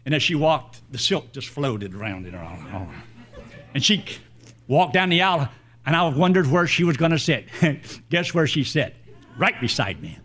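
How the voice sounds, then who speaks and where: An older man preaching a sermon, telling a personal story in a folksy, animated way. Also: on the high side, moderate pace.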